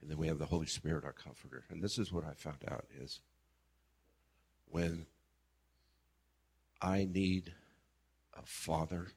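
Husky man telling an animated story. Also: rumbling low, a little slow, pauses often. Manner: animated storytelling, acts out quoted exchanges, trails off softly. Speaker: guest sharing a prayer experience. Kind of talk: casual testimony.

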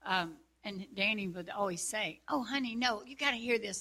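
Give me a bright-voiced woman chatting reflectively. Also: medium pitch, moderate pace, few pauses, breathy edge. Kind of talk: casual chat.

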